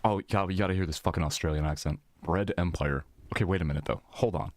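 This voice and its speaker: A male streamer talks loosely with his live chat in a deep, low voice. He rambles through half-finished thoughts and swears freely as he reacts to viewers' comments. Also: fast, no room sound.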